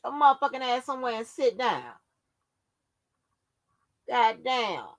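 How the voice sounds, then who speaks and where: A woman's voice: on the high side, lively intonation, measured pace. A woman hosting her own channel, delivering a profane, confrontational rant that scolds her viewers. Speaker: channel host.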